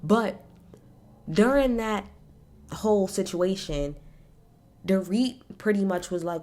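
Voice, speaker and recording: Woman host, blunt and animated, swearing recap talk, mid pitch. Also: takes it slowly, pauses often. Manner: blunt, animated, swears freely, talks straight at the people she discusses. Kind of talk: casual opinionated recap.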